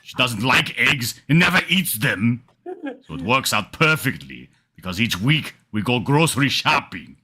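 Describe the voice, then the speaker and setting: A hulking, musclebound man with a thick Austrian German accent, as a man puts him on, speaking in slow, heavy, deliberate phrases. The voice is bright and lively in pitch. It is a comic impression in casual podcast banter. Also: slightly rough, exaggerated voice. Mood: deadpan bragging.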